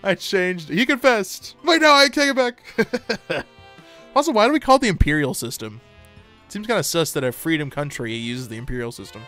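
A man's voice: on the high side, sing-song, fairly quick, fairly bright tone, faint music behind. An American man streaming live, chatting casually and playfully with his chat, reading comments aloud and laughing often.

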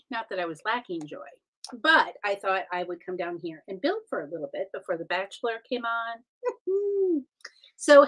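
A woman hosting a casual live stream, chatting with viewers and greeting them by name while she builds. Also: fairly high pitch. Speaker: live-stream host building brick sets.

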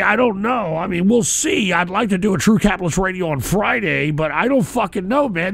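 A man hosting a call-in show, shouting and cursing in an angry on-air rant with a raspy, strained voice. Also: sits high, lively intonation, brisk, hardly any pauses.

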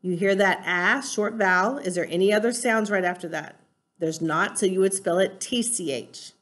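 A woman's voice: medium pitch, normal speed, fairly bright tone. Patient woman teaching a spelling lesson. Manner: patient, explains step by step and spells out letters.

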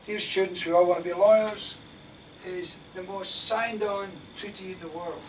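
An older man from Scotland gives an impassioned lecture as a defence lawyer. He talks rhetorically, rising to loud emphasis and dropping to near-whispers. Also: sits high, steady tone, normal speed. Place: university lecture hall. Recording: distant mic in a lecture hall, faint room noise.

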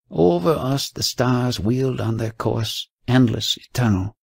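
A man narrating an audiobook in a measured, storytelling way. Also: medium pitch, lively intonation, vocal fry, breathy edge, no echo, studio quality. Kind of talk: audiobook reading.

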